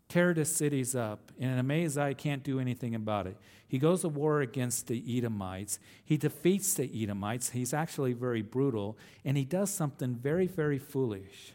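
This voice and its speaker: A man's voice: mid-range voice, a little mellow. A man pastor teaching a verse-by-verse Bible study, retelling a scripture story in a conversational way and voicing the quoted lines with rising emphasis. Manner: conversational asides and restarts.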